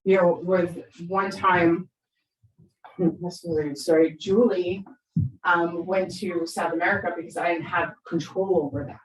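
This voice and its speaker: Brief: middle-aged woman speaker, lively storyteller, lowish voice, echoey room, distant mic. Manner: animated, conversational, tag questions. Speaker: parenting speaker. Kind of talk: storytelling talk.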